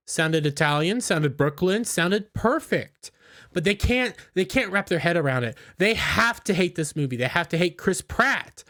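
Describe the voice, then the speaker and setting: A man's voice: fairly high pitch, animated, normal speed, fairly bright tone. A man giving opinionated commentary in an indignant, scornful, ranting manner. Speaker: YouTube commentator.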